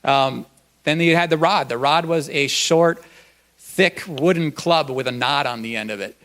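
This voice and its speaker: A man's voice: a little high, a little slow, a bit bright. A male pastor giving a conversational sermon at a church, folksy and loose, with frequent ums and uhs.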